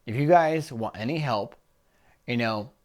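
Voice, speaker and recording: A business coach co-hosting a relaxed talk, this middle-pitched man explains ideas plainly at a measured pace and chats easily with his partner. Conversational throughout, he keeps coming back to inviting listeners to book a one-on-one call.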